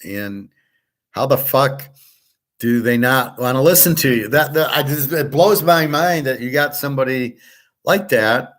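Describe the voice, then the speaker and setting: A man's voice: mid-range voice, unhurried, a bit bright. A middle-aged man hosting his own channel, talking in a blunt, rambling casual monologue and often repeating himself. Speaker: channel host.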